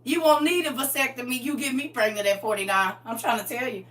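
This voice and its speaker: A woman's voice: fairly high pitch, steady tone, fast talker, fairly bright tone, recorded from a distance. A middle-aged woman chatting on her livestream, playful and boisterous, laughing often. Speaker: livestream host. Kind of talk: casual livestream chat. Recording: voice from away from the mic.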